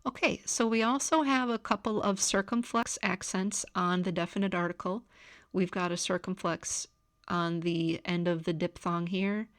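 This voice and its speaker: A woman giving a recorded grammar lecture, calmly explaining step by step. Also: on the low side, normal speed, no echo, clean studio sound. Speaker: teacher. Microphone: camera.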